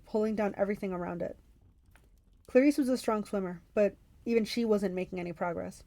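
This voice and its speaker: A woman reading a novel aloud for a book club, in steady first-person narration. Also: mid-range voice, no echo.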